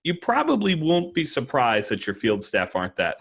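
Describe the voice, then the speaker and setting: A man's voice: medium pitch, wildly swooping pitch, normal speed, vocal fry, fairly bright tone, slightly rough. A man co-hosting a podcast who chats casually and tells wry anecdotes. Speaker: podcast co-host. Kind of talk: casual conversational chat.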